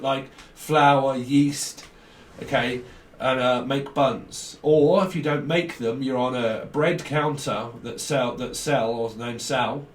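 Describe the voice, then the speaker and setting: A man's voice: mid-range voice, recorded from a distance. A man giving a casual tarot reading, rambling from one association to the next and chuckling often. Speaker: tarot reader. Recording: roomy sound, off-mic, faint background hiss.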